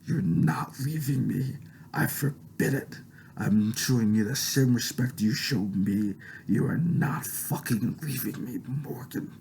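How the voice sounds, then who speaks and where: A man's voice: medium pitch, slow pace, creaky, slight background noise, voice pushed up, low-quality recording. A man doing a furious, screaming young woman. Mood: commanding. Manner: shouting, cursing, accusing.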